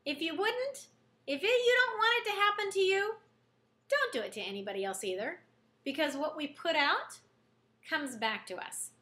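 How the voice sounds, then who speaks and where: A woman's voice: very high-pitched, animated, normal speed, bright, forceful tone. A middle-aged woman school counselor giving a classroom lesson to students, earnest and explaining with everyday examples.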